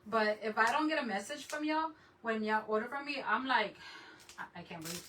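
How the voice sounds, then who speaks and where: A woman's voice: a little high, fairly quick, sharp tone. A woman hosting a craft livestream, chatting casually with viewers, laughing often and greeting them in Spanish. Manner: laughs often, trails off mid-sentence. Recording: voice a bit distant, faint room noise.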